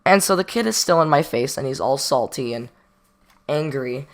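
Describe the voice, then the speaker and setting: A man's voice: mid-range voice, expressive, moderate pace. A guy spinning a casual storytime in a loose, rambling way. He leans on slang, stops to joke at his own expense, and acts out the quoted lines as he goes. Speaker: storytime vlogger.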